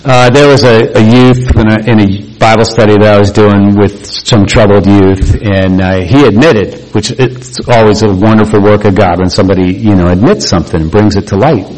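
A man's voice: lowish voice, steady tone, normal speed, few pauses, darkish tone, poor audio. A man preaching to his congregation in an easygoing, conversational way. He tells stories and jokes and breaks into acted-out quotes. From Oregon. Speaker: pastor. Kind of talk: sermon.

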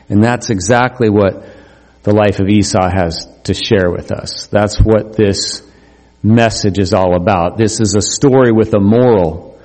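A middle-aged man preaching a sermon as pastor, animated, climbing to emphatic highs. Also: a little slow. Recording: long hall reverb.

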